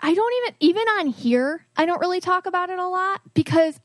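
A woman hosting a podcast interview in a casual chat, reacting quickly and laughing often. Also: very high voice, no echo. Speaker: podcast host.

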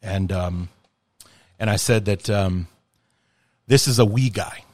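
A man with a fairly low voice talks straight into the mic in a dry, close recording. His casual solo podcast talk is impassioned and rambling, full of restarts, with the odd curse thrown in. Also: slow, a little mellow, no echo. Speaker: podcast host.

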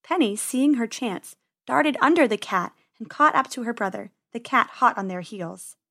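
A woman narrating a children's storybook in a gentle, expressive read-aloud manner. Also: on the high side, normal speed.

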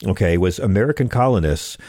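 A man's voice: low voice, lively intonation, a little fast, darkish tone. A middle-aged man hosting a call-in radio show, telling jokes in a wry way and building up to punchlines. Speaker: radio talk show host. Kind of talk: comedic call-in radio talk.

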